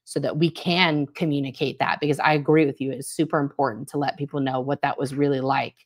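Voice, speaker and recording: A woman's voice: extremely low pitch, steady tone, fast talker. A middle-aged woman co-hosting a casual livestream chat, talking in a reflective, rambling way and often asking "you know what I mean". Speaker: co-host.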